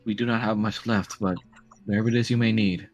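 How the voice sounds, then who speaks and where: A man's voice: lowish voice, steady tone, a little fast, faint music behind, close to an everyday voice. A man playing a solemn old village elder. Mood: grateful. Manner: formal, solemn speech. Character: sage old village elder, grave and humble.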